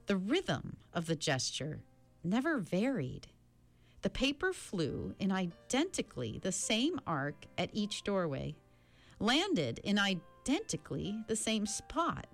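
A woman narrating a children's novel in an expressive reading voice. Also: takes it slowly, faint music behind. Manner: expressive reading with a lively pitch. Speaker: audiobook narrator. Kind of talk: storybook narration.

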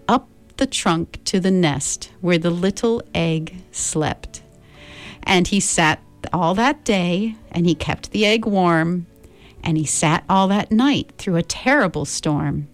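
A woman's voice: on the low side, slow pace, faint music behind. A woman reading a picture book aloud as storyteller, talking directly to her listeners in a friendly way.

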